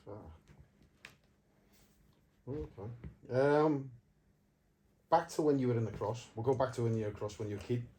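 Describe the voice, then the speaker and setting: A man's voice: medium pitch, moderate pace, long pauses, dark tone, slight background noise. A man interviewing a guest, speaking in brief prompts and short backchannels. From Australia. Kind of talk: casual interview questions.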